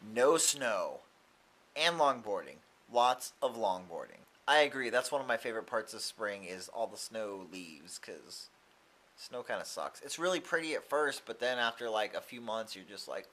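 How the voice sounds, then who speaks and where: A man's voice: fairly low pitch, normal speed. A young man talking casually in a daily vlog, telling stories and acting out what people said. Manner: chatty, animated quoting of others. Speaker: vlogger.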